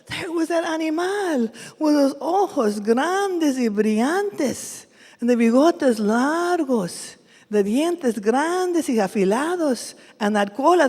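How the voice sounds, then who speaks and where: A woman from San Jose performing a bilingual folk tale live, animated and mixing Spanish with English. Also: sits high, unhurried. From San Jose, California. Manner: animated, switches between Spanish and English phrases. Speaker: storyteller. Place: large event hall. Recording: echoey hall from a live event.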